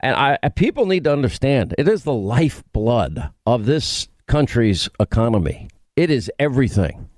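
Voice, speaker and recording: A man's voice: medium pitch, sing-song, darkish tone, dry recording, clean studio sound. A man from New York hosting a talk radio call-in show, speaking emphatically. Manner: emphatic, rapid-fire opinions.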